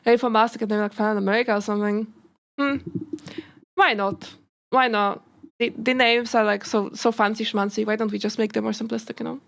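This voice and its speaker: A woman VTuber chatting casually on a reaction stream, giggly and rambling, often breaking off mid-sentence and bursting into excited remarks. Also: a little high, rapid-fire, gravelly. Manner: giggly, rambling, self-interrupting; excitable outbursts.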